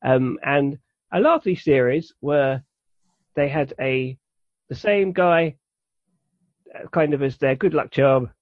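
A man's voice: mid-range voice, takes it slowly, pauses often, dry recording. Man explaining, dull dry recording. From United Kingdom. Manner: rambling, enthusiastic explaining. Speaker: podcast co-host. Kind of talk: casual chat.

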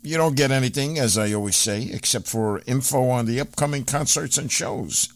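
A man's voice: mid-range voice, moderate pace, no room sound. A man hosting an oldies radio show, chatting casually with many fillers.

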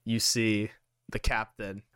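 A man's voice: lowish voice, level tone, takes it slowly, a bit bright, clear, resonant tone. A young man narrating as game master of a tabletop game, chatty and laughing often.

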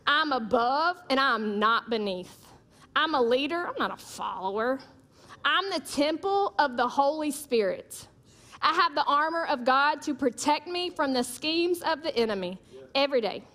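A woman's voice: high-pitched, sharp tone. A woman preaches a sermon, with emphatic repeated declarations and humorous storytelling.

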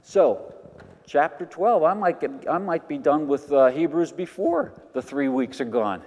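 An older man preaching a sermon as pastor, animated, moving between quiet asides and loud emphatic lines. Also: fairly high pitch, measured pace. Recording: long hall reverb.

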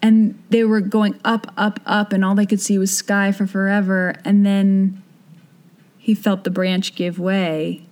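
A woman co-hosting a podcast, chatting casually and acting out characters' lines in quick voices as she retells a story. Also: mid-range voice, flat delivery, a little mellow. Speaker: podcast co-host. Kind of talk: casual chat retelling a musical.

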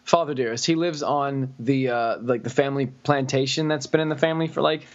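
A man's voice: medium pitch, steady tone, a little fast, lo-fi sound. A man from Florida telling a long story on a casual podcast, rambling with lots of "like" and "you know". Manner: rambling, full of "like" and "you know", laughing at his own story. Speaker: podcast co-host.

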